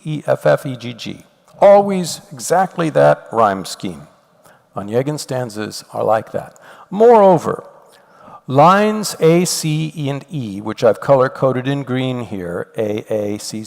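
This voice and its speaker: Older guy teaching a class, gravelly voice, big echoey lecture hall. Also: mid-range voice. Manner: animated, explains step by step, reads poetry aloud. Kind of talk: university lecture. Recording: long hall reverb.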